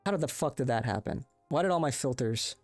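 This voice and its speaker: Talking a little fast with a lively, mid-range voice, a young man hosts a casual livestream, chatting with viewers, rambling, and cursing. He uses a desk microphone with a compressor, and the dry recording has soft music in the background.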